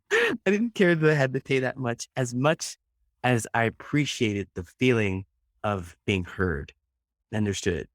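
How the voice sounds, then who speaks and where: A man working as a friendship coach, answering interview questions as an animated storyteller who acts out voices and laughs often. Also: medium pitch, no room sound, clean studio sound. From United States.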